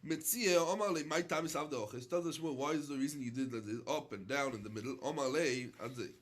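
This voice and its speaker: A man's voice: mid-range voice, fairly quick. A man teaching a Talmud class, reading short Aramaic phrases and explaining each one in plain English. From London. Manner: reads Aramaic phrases then explains in English, with many fillers.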